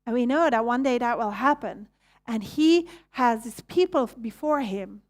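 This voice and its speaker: A woman's voice: fairly high pitch, a little slow, darkish tone. Belgian woman preaching a casual sermon. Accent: Belgian Dutch. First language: Dutch. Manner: conversational, asks the audience questions; restarts and self-corrections.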